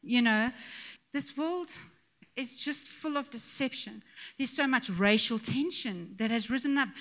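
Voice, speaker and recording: Forceful, animated middle-aged woman preaching. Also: on the high side, measured pace. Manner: animated, joking and chatty, with asides and laughs. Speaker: speaker addressing a church gathering. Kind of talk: conversational sermon.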